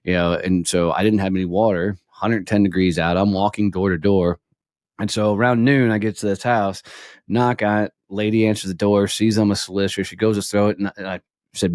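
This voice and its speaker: Blunt, deep-voiced man telling stories. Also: fairly even intonation, quick pace, dry recording, clean studio sound. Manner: blunt, straight-talking, swears casually. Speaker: guest. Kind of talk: casual storytelling interview.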